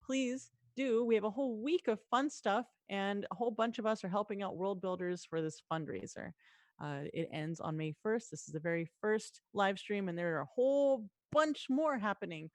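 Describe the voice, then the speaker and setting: A woman's voice: mid-range voice, no echo. Dry-miked woman running a tabletop game. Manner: lively, voices townsfolk in quick asides. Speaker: game master.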